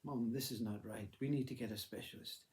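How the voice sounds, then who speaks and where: A man's voice: mid-range voice, brisk, a little mellow, natural voice. A man voicing worried grown-up children who plead with their mother to get help.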